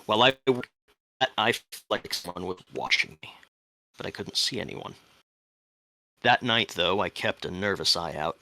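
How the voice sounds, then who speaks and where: A man acting as game master, giving a dramatic first-person statement reading in a measured way that drops to hushed tones at the tense moments. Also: low voice, no room sound.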